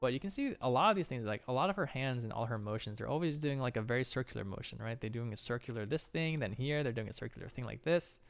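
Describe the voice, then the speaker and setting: A man's voice: medium pitch, vocal fry, dry recording. A man casually breaking down animation on a stream, enthusiastic with playful exclamations.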